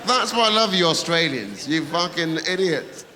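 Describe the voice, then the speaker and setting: A man's voice: on the high side, lively intonation, moderate pace, a crowd in the background. A man doing a brash stand-up comedy set, swearing and teasing the audience in a large theatre. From England. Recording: reverberant theatre with audience noise.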